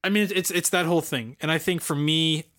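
Brisk and a bit bright, this man's fairly high voice keeps a steady tone. As a late-twenties podcast co-host, he meanders through a casual movie review chat, enthusiastic and full of filler words.

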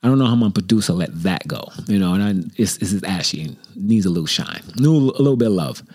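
A man hosting his own show from home, talking casually and rambling, with a self-deprecating streak, now and then muttering his inner critic's lines in a low voice. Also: lively intonation, fast talker, a little mellow, breathy edge. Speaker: host. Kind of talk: casual solo monologue. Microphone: desk microphone.

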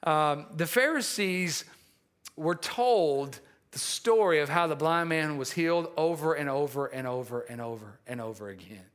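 Guy preaching a sermon, high bright voice, animated, acts out the scripture dialogue. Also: normal speed. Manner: animated, acts out dialogue, laughs at own asides.

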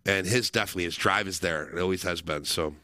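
A man's voice: low voice, quick pace, sharp tone, dry recording, studio quality. A man co-hosting a casual talk show, telling loose, rambling stories and swearing casually. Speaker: co-host. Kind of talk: casual chat.

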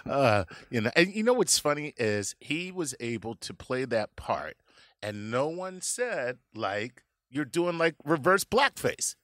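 A middle-aged man hosting a comedy podcast, telling stories in an animated way, laughing often and slipping into voices. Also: medium pitch, unhurried, no room sound, clean studio sound. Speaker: podcast host. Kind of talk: casual comedic chat.

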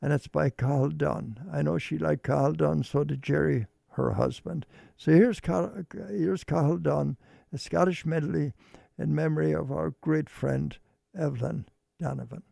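A man hosting a radio show, making casual, halting announcements as he chats with his co-host. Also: fairly high pitch, gravelly, mellow, dry recording, clean studio sound. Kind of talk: casual on-air chat with a co-host.

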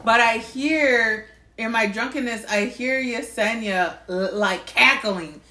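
A woman's voice: on the high side, slow pace, pushed and bright, roomy sound. A woman co-hosting a podcast, joining the story in casual chat and adding details. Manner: chimes in, adds details, casual swearing. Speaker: podcast co-host.

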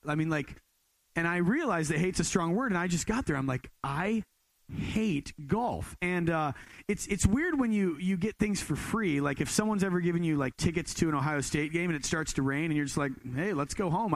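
A young man preaching in a laid-back, storytelling way, stumbling and restarting often as he jokes about himself. His voice sits a little high with a gravelly fry. The sound is close and dry, with no room echo. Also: lively intonation, brisk. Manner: casual storytelling, self-deprecating, many restarts. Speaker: pastor. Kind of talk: sermon.

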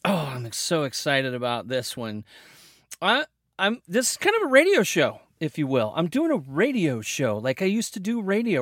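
A man hosting his own podcast solo, upbeat and rambling, with playful jumps in pitch and a chatty, energetic manner. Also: normal speed, no echo, clean studio sound. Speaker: podcast host.

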